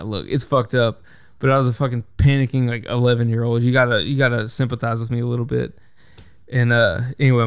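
A man's voice: mid-range voice, clean tone, no room sound, clean studio sound. A young man hosting a solo podcast, telling a long story in a rambling, profane way, often restarting and correcting himself. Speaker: podcast host.

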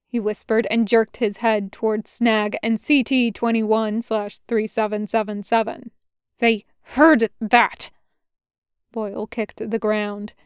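Slow, crystal-clear woman reading a story. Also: fairly high pitch, no room sound, clean studio sound. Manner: measured, unhurried reading. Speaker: podfic reader. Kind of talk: scripted narration of fan fiction.

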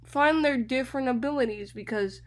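A young woman from Florida, hosting a radio show and telling a personal story in an animated way, often repeating words. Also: high-pitched, normal speed. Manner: animated, repeats words, addresses listeners as y'all.

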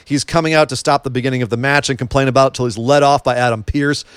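A man's voice: medium pitch, steady tone, fast talker, smooth, no echo, studio quality. A man co-hosting a casual wrestling chat, joking around and asking lots of questions. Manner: chatty, joking, asks many questions. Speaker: wrestling podcast co-host.

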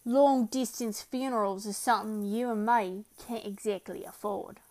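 A woman's voice: medium pitch, normal speed, natural voice. A woman doing a weary rustic trail man. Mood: resigned. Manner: rustic dialect, flat and reasoning. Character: weary frontier man, level-headed trail companion.

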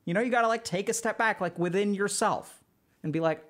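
A man's voice: high voice, brisk, a bit bright. A man giving a casual spoken lecture to his live chat, loose and conversational with lots of filler words. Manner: loose and conversational, heavy use of "like". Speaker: streamer teaching social skills.

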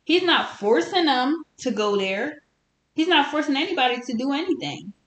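A woman's voice: high-pitched, lively intonation, a bit bright. Woman co-host, defensive rebuttals, echoey room recording. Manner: defensive, quick, pushes back. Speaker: podcast co-host. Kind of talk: casual chat. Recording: roomy with faint hiss.

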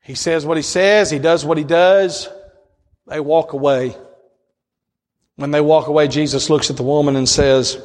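Brief: high-voiced male preacher, impassioned delivery, long hall reverb. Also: fairly even intonation, moderate pace, pauses often. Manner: impassioned, swings between soaring high cries and low hushed storytelling. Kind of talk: sermon.

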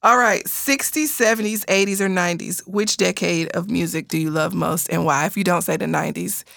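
A woman hosting a casual interview, playful and teasing, quick to laugh. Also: lowish voice, gravelly, a bit bright, no room sound, clean studio sound. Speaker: host.

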